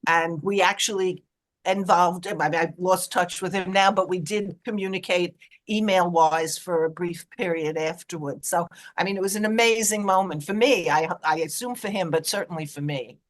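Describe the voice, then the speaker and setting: New York woman panelist, lower voice, expressive storyteller. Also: moderate pace. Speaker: panelist, volunteer canvasser. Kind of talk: storytelling anecdote.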